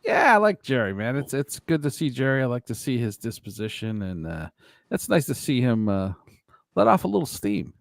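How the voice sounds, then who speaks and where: A man's voice: mid-range voice, sing-song, normal speed, gravelly, no echo, studio quality. A man co-hosting a casual comedic chat, joking and laughing often. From grew up in a poor Italian neighborhood. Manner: jokey, laughs often, puts on mock voices.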